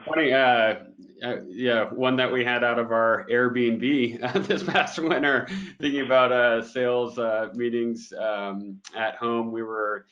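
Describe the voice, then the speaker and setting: A man's voice: mid-range voice, fairly even intonation, measured pace, a bit bright, lo-fi sound. A man who is a business development director, speaking as a guest in a casual interview. He talks in an easygoing way, with lots of fillers and an easy laugh.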